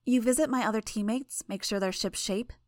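A woman voicing a sly young female villain who talks quickly and teasingly in a dry recording. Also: fairly high pitch, a little mellow, no echo, voice pushed up, close to an everyday voice. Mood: breezy.

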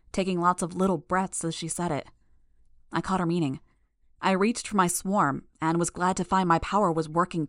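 A woman reading a first-person action novel as an audiobook in a steady, measured way. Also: lowish voice, dry recording, clean studio sound. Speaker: audiobook narrator.

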